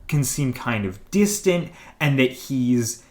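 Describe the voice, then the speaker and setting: Relaxed male podcast co-host. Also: medium pitch, slow pace. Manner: relaxed, agreeable, often answers with short yeahs. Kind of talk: casual chat.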